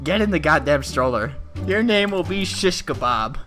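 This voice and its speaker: A young man giving crude, excitable gameplay commentary, laughing often as he plays. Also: a little high, moderate pace, soft background music. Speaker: gaming YouTuber.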